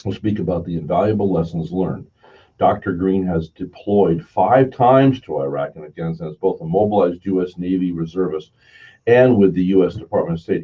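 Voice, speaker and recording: A man's voice: low voice, slightly rough. A man hosting a talk show in casual chat, joking and rambling. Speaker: radio talk show host. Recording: distant, dull lo-fi recording.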